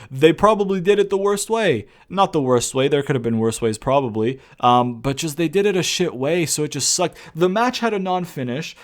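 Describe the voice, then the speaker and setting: A young man with a fairly high voice rants through a casual show review. He rambles, restarts his sentences and swears freely. His tone is exasperated throughout.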